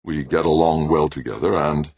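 A calm, measured male diplomat, voiced by a man, dry in tone and deep, with a husky grain. The sound is dull and dry. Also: no room sound, exaggerated voice.

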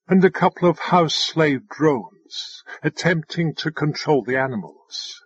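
A man reading a novel aloud as an audiobook narrator, measured and unhurried. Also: fairly high pitch, slightly rough, no room sound, lo-fi sound. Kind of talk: scripted narration.

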